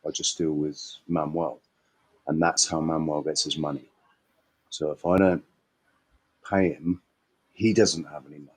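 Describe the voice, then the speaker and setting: A man's voice: a bass voice, steady tone, moderate pace, pauses often, breathy edge, low-quality recording. A man chatting casually in a meandering, hesitant way and laughing easily. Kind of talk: casual chat.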